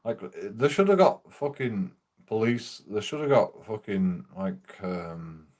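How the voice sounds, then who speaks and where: A man's voice: lowish voice, animated, takes it slowly, darkish tone. A man casually telling a rambling, profane story while streaming a game, laughing often.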